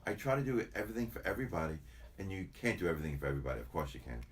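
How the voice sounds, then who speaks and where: A man's voice: sits low, very animated, rapid-fire. An older man, a chiropractor, chatting casually in an interview, rambling and repeating himself as he tells stories. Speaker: chiropractor guest.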